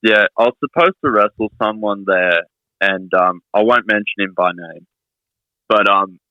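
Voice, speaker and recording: A man's voice: fairly low pitch, moderate pace, no echo, dull audio. A man, a wrestler guest telling stories in casual podcast chat, swearing often and laughing. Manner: swears a lot, laughing storyteller.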